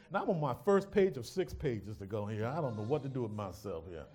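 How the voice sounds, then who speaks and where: Animated preacher, soft to shouting. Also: male voice, mid-range voice, a little fast, few pauses. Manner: dramatic swings from hushed to shouting, teasing congregation. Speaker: pastor. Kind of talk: sermon.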